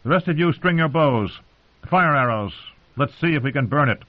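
A man's voice: a little high, animated, normal speed, voice pushed up. A man voicing an exhausted but resolute young commander who gives curt orders, heard over tinny phone-like audio. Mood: commanding.

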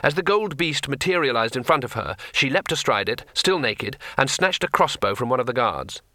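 A man narrates a comic fantasy audiobook with a bright, forceful voice. His storytelling is expressive and crisp, with a dry, close sound and no room around it. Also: medium pitch, moderate pace, dry recording. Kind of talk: audiobook reading.

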